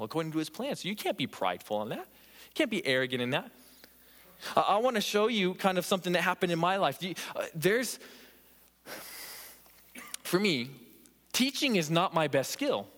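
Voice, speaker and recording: A man's voice: mid-range voice, fairly bright tone. A man preaching a sermon in a church, earnest and emphatic, repeating phrases for stress. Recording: echoey church hall reverb.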